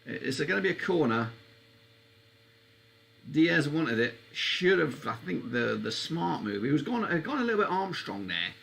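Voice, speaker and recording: A man hosting a live football watchalong stream, chatting casually and getting excitable, his voice leaping up whenever a chance comes. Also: normal speed, vocal fry, breathy edge. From England. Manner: excitable, voice leaps up high on chances.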